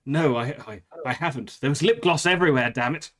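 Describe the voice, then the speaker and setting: A man's voice: mid-range voice, fairly quick, fairly bright tone, lightly acted. A man voicing a ragged, panicky British soldier who stammers and sounds flustered.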